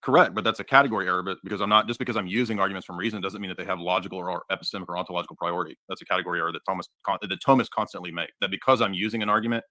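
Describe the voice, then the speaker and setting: A man arguing his side in a formal debate, talking rapidly and assertively. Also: deep voice, steady tone, bright, forceful tone, no echo.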